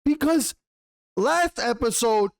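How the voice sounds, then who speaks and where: Exasperated male reviewer with a high voice, foul-mouthed, tripping over his words. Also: lively intonation, slow pace. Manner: exasperated, swears a lot, stumbles and restarts. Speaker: YouTube TV show reviewer. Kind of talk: profane ranting review.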